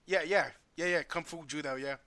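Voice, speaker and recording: A man hosting a casual talk show, full of crude, rapid-fire jokes and frequent laughter. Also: on the high side, crowd noise. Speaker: show host. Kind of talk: casual comedic chat.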